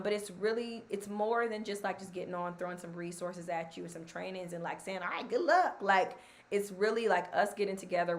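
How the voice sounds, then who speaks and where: A woman hosting a casual live stream, chatty and encouraging. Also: lowish voice. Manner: chatty, filler-heavy, encouraging. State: scratchy voice from allergies.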